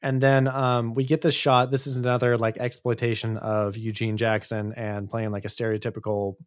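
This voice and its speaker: A man's voice: medium pitch, flat delivery, moderate pace. A man co-hosting a casual chat about a movie, slangy, often acting out characters' lines. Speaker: podcast co-host.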